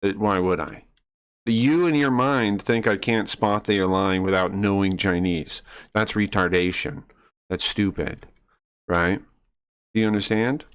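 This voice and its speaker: A man streaming live, answering chat in a combative, mocking and crude way, sometimes dropping to low mutters. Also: clean tone. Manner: drops to low muttering asides. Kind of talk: casual live-stream rant.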